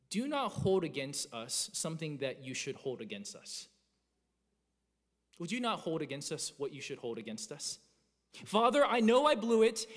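Earnest preaching man in reverberant hall. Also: fairly high pitch. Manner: earnest, animated preaching with many restarts. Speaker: pastor. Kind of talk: sermon. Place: church sanctuary. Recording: long reverb of a church hall.

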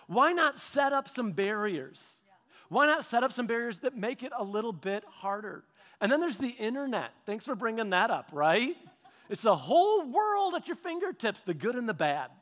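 High-voiced animated preacher in a reverberant hall. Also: male voice. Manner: animated storytelling with repetitions and restarts. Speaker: pastor. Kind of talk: sermon.

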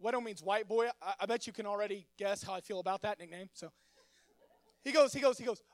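A man's voice: sits high, quick pace, no echo. A young man, preaching as youth pastor in a church, friendly and joking, often stammering and repeating words. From Texas. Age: 20s. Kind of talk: sermon with casual storytelling. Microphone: stage microphone.

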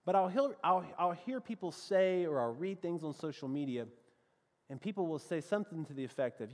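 A Southern-accented pastor tells a story from the pulpit, calling out to his congregation as friends. His voice sits a bit high for a man and keeps an animated, storytelling lilt. The sound rings with the long reverb of a large hall. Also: a little fast. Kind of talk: sermon with a personal story.

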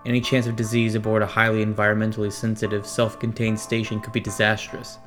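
A man's voice: on the low side, level tone, fast, hardly any pauses, a bit bright. A man narrating a first-person horror story in a tense, dramatic way. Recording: narration over clear music. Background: music.

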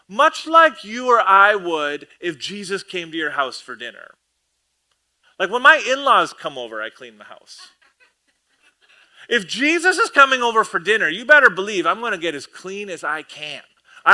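A man preaching a sermon as pastor, humorous and self-deprecating, an animated storyteller who often repeats words as he goes. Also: sits high, normal speed.

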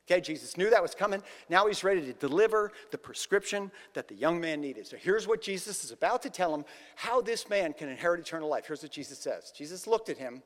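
Male pastor, conversational storyteller, very animated pitch. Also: fast talker, in a large hall. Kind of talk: sermon.

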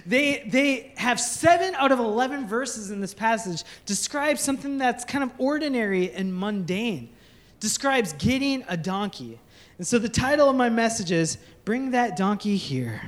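High-voiced man preaching with playful humor. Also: expressive, normal speed, fairly bright tone. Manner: playful storytelling with jokes and acted-out scenes. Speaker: pastor. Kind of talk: sermon.

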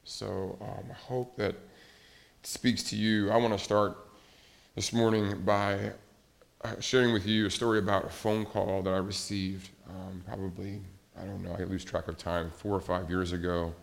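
A pastor preaching a conversational sermon, pausing often with fillers and restarts. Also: male voice, low-pitched, level tone, creaky. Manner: conversational, hesitant with many fillers.

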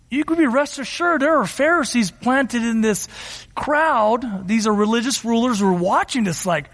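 A man preaching a sermon as pastor, earnest, slowing down for emphasis and acting out quotes. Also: very high-pitched, a bit bright. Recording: reverberant hall.

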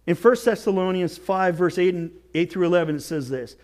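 A male pastor preaching a sermon with earnest exhortation, dropping to near whispers and rising to shouts. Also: high voice, fairly quick. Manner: swings from hushed to shouting.

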